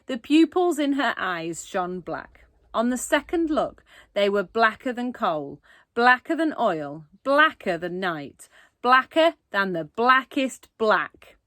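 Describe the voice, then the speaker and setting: Expressive woman reading a children's book. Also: on the high side, slow, no room sound, studio quality. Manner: expressive, asides to listeners. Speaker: reader. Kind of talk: children's book read-aloud.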